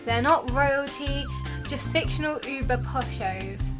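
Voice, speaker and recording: A woman's voice: high-pitched, measured pace, loud music behind the voice. A woman co-hosting a podcast in casual chat, answering listeners with playful, sarcastic teasing. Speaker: podcast co-host.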